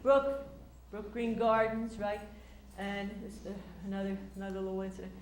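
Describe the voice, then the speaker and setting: An older woman telling stories in a casual, animated way, acting out quotes with lots of fillers and restarts. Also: mid-range voice, normal speed, roomy sound, a little hiss or hum. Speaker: speaker recounting memories. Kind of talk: casual storytelling talk.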